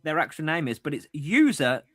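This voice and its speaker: A man's voice: on the high side, big pitch swings, a little fast, fairly bright tone, no echo, studio quality. A man co-hosting a podcast in casual chat, reading out listener messages and laughing often. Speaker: podcast co-host.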